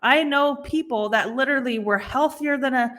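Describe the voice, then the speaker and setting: A woman's voice: sits high, normal speed, a bit bright. A young woman co-hosting a podcast, talking earnestly in casual chat, swearing freely and restarting her sentences often. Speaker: podcast co-host.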